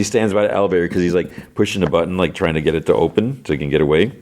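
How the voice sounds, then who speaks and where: Low-voiced man casually recapping. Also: fast, few pauses, a little mellow. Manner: rambling retelling full of "like" and "you know" fillers. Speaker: podcast host.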